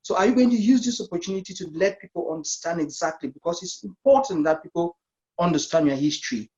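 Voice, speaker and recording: A man's voice: sits high, expressive, fast, warm tone. A man hosting a discussion show, earnest as he asks questions and wraps up. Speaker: talk show host. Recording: dull lo-fi sound.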